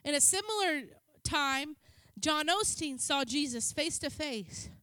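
A woman preaches to her congregation in a chatty, joking way. Her voice sits very high and sounds bright and sharp. The sound is dry and close, with little room echo. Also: animated, unhurried. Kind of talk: sermon. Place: church.

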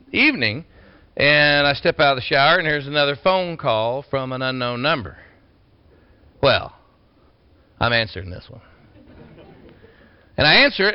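A man preaching a folksy storytelling sermon, swinging from loud bursts to quiet asides. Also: on the high side, clean tone, dry recording. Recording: dull lo-fi sound.

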